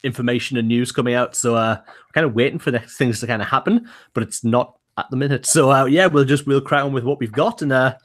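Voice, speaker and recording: Quick, upbeat male co-host, rattles along with fillers. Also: mid-range voice. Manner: fast, upbeat, full of fillers like "uh" and "kind of". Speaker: podcast co-host. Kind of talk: casual podcast chat.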